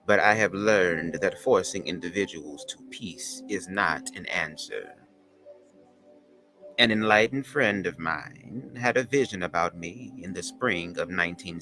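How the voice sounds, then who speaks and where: A man voicing a stately older woman poet, reading slowly and solemnly in a Southern accent. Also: low voice. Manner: slow, measured, dramatic recitation. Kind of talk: dramatic poem reading.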